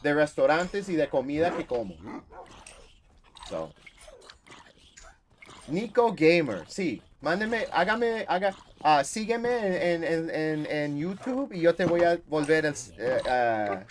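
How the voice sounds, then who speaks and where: Casual, talkative male streamer from Massachusetts, voice a touch high, drops easily into Spanish. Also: animated, unhurried, pauses often, slight background noise. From Massachusetts, USA. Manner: chatty, rambling and easygoing; switches freely into Spanish. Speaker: gaming livestream host. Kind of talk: casual chat with live chat viewers.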